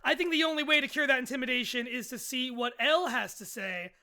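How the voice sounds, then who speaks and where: Excitable stream co-host; high, bright, laughs a lot, casual commentary. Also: a little fast. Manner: excitable, laughs often, stumbles over words.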